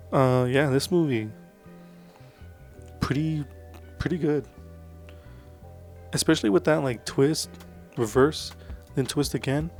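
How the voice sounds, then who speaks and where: A man's voice: medium pitch, darkish tone. A man talking casually about films he watched, loose and rambling with plenty of fillers and real enthusiasm. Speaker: vlogger reviewing movies. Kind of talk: casual movie review chat.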